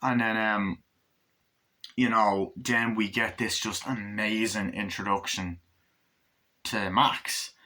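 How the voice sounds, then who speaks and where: A man's voice: fairly low pitch, fairly even intonation, slow, pauses often, bright, forceful tone. A man giving a casual movie review, enthusiastic and rambling, swearing often.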